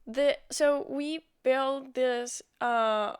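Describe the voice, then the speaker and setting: A young woman chats as a podcast guest. Her voice is fairly high and smooth. She eagerly chimes in to fill in details of the story. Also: steady tone, extremely slow. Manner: eager, chiming in to add details. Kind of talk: casual chat.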